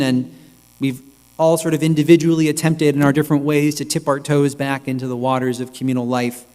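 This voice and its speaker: A male rabbi giving a reflective, measured sermon, with pauses, in a synagogue sanctuary. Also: medium pitch, darkish tone. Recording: long reverb with mains hum.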